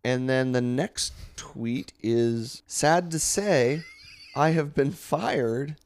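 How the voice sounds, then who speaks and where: A man's voice: medium pitch, extremely slow, no room sound, clean studio sound. A man in casual conversation, reading tweets and a letter aloud and laughing along. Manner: lively, laughs while reading.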